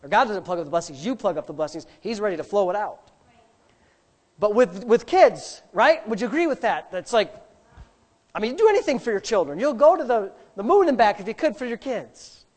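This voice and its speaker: A man preaching a sermon, swinging from low, hushed asides to high, shouted emphasis, with drawn-out emphatic phrases. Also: sing-song.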